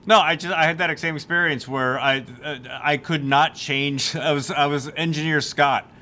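A man's voice: on the high side, steady tone, normal speed, pushed and bright, slight background noise. A man co-hosting a casual podcast chat, trading work stories with short agreeing remarks and dry humor. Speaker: podcast co-host.

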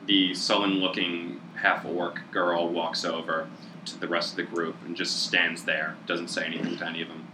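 A man narrating as game master of a tabletop game in a relaxed manner, with frequent fillers. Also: sits low, moderate pace, background noise. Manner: relaxed, laughing often, filler-heavy.

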